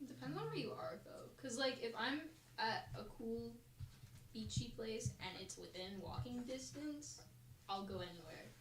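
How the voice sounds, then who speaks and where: A woman's voice: a little high, animated, unhurried. A woman co-hosting a casual podcast, laid-back and playful. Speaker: podcast co-host. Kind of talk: casual chat. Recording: roomy, distant mic with background noise.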